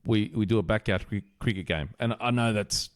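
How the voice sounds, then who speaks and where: A man's voice: lowish voice, a little fast. An Australian man co-hosting a podcast, chatting casually and telling a joke with a laugh in his voice. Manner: jokey storyteller, laughs often. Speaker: podcast co-host.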